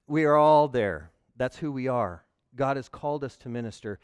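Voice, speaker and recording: A man preaching a sermon to a congregation, animated and humorous, acting out the voices of churchgoers to make his points. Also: medium pitch, normal speed, smooth, dry recording. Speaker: pastor.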